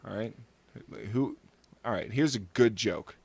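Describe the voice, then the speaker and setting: A man's voice: fairly low pitch, a little slow, creaky, a little mellow, husky, no echo. A man hosting a podcast in crude, sarcastic casual comedy chat on a close mic. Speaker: podcast host.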